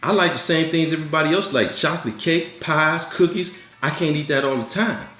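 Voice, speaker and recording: A man's voice: on the high side, fairly quick, sharp tone. Man, commentary host, motivational monologue, blunt, preachy, faint music behind. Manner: blunt, preachy, repeats his urgings. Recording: echoey room with faint music.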